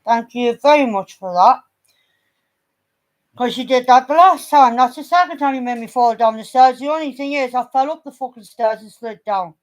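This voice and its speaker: A woman's voice: high voice, brisk, hardly any pauses. A woman, chatting casually on a vlog, blunt and teasing, swearing freely. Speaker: vlogger. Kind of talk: casual chat.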